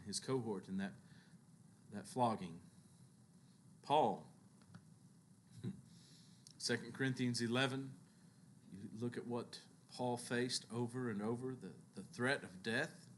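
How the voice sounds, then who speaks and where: A man preaching a sermon who tells Bible stories with lively, acted-out quotes and occasional chuckles. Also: measured pace, long pauses. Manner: animated storytelling, acting out biblical quotes with shifts in pitch and loudness.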